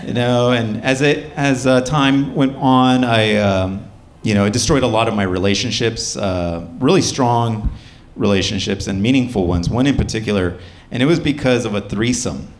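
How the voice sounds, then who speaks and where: A man's voice: medium pitch, moderate pace. A young man doing a stand-up comedy set, with a loose, wry delivery full of fillers.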